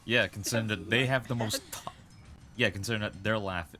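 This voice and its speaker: A man's voice: lowish voice, pushed and bright, a little hiss or hum. A man chatting with friends, swearing often and drawing out his complaints. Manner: swears a lot, drawn-out complaints. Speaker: friend on a game stream. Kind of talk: casual chat.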